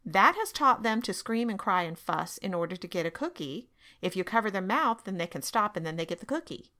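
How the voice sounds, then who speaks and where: A woman hosting a parenting podcast, giving calm, firm instructions in a monologue and often checking in with "okay?". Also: lowish voice, fairly quick.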